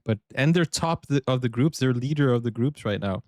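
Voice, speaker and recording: A man's voice: medium pitch, animated, a little fast, a little mellow, no echo, clean studio sound. A man hosting a sports reaction video, joking around and laughing often in casual commentary. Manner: joking, laughs often, explains his banter.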